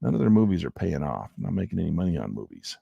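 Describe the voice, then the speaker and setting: A man's voice: low-pitched, very animated, fast, vocal fry, slightly rough, no echo, highs cut off. A man giving casual, rambling commentary as he goes over stock trading charts, in a folksy way and often talking to himself. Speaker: stock options trader.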